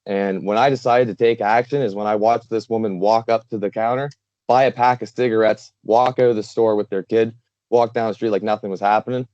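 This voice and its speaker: A man's voice: on the low side, steady tone, a little fast, a little mellow, no room sound. A man from Canada, a guest talking earnestly and rambling with many fillers in a casual interview. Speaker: guest, charity founder. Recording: dull lo-fi dry sound.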